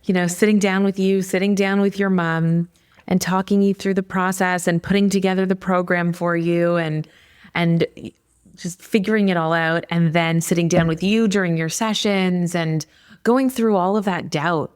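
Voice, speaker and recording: A woman with a fairly low voice hosts a podcast and coaches her guest. She speaks in an animated, encouraging way. The sound is close and dry. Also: moderate pace, smooth, dry recording. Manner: warmly encouraging, animated retelling. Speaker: podcast host, admissions coach. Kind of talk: casual interview talk.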